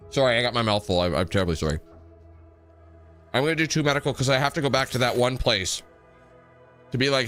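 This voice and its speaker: A man's voice: medium pitch, animated, quick pace, pauses often, fairly bright tone, faint music behind. A man giving casual, rambling commentary while playing a video game, often correcting himself mid-sentence. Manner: chatty, rambling, self-correcting. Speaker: gaming YouTuber.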